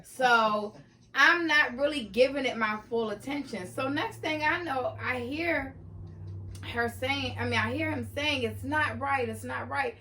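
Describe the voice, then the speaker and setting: A woman vlogger telling a story casually, animated and laughing often, jumping into excited voices as she retells what happened. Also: high-pitched, measured pace, slight background noise.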